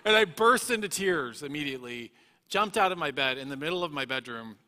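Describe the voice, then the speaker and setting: A man's voice: mid-range voice, animated, brisk, pushed and bright. A man giving an earnest, emotional personal testimony, often restarting his sentences as he tells his story. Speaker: guest speaker. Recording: echoey hall reverb.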